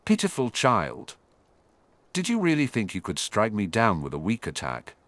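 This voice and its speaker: A man's voice: lowish voice, wildly swooping pitch, moderate pace, fairly bright tone, no room sound. A man voicing an angry young male wizard professor who spits and snarls his words. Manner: spitting, angry.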